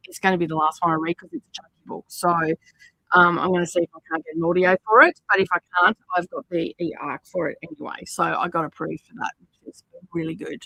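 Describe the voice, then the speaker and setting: Chatty woman with a gravelly, bright voice. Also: lowish voice, animated, fast talker, dry recording, low-quality recording. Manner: chatty, rambling, many fillers. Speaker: livestream host. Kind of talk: casual chat while crafting. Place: home craft studio.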